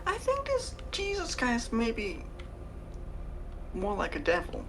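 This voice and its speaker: A woman voicing an excitable young son in a role-play game. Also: a little high, slow, slight background noise, full character voice.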